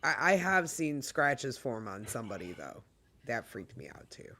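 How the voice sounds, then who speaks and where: A man's voice: mid-range voice, sing-song, moderate pace, pushed and bright. A man in casual podcast chat, a drawling, reactive listener, recorded on a noisy mic with clicks.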